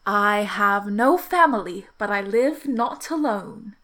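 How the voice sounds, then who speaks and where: A woman voicing a scheming male riddle-master in a put-on British accent, reciting riddles slowly and deliberately. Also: medium pitch, expressive, fairly bright tone. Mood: measured, theatrical. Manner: slow, measured riddle recital.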